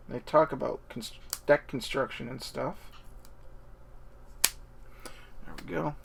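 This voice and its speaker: A man hosting an unboxing video, thinking aloud in a hesitant, casual way with many pauses and ums. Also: medium pitch, a little hiss or hum.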